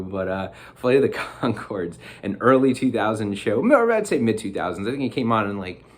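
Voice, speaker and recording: A man, maybe in his thirties and from New Jersey, talking casually to camera in a rambling, excitable way, full of restarts and laughs. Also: on the low side, slight background noise. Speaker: vlogger.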